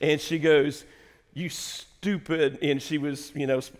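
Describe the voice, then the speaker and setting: A man's voice: a little high, flat delivery, moderate pace. Male preacher, folksy and dramatic, recorded in a sanctuary with long reverb. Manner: swings from shouting to hushed whispers; folksy storytelling with fillers and laughter. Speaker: pastor. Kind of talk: sermon. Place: large church sanctuary.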